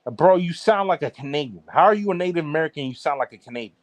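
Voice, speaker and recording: A brash man from the East Coast mocks his co-host in rapid-fire podcast banter, looping back to the same jabs. His voice sits a little high for a man. The sound is dry and close, with no room behind it. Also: animated, no echo. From Baltimore area, East Coast US. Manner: brash, mocking, repeats himself with "bro". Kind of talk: casual trash-talk banter.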